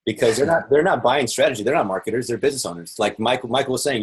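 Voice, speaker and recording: A man teaching a sales class on a video call, walking through each step in an earnest tone. His voice is husky and a little breathy, at an average pitch for a man. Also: fast. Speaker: marketing instructor. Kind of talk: teaching sales with role-play.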